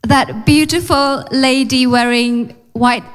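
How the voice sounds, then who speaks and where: Woman guest, high voice, unhurried delivery, hall reverb. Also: faint music behind. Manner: slow, deliberate explaining. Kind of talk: live event chat. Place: hall with audience.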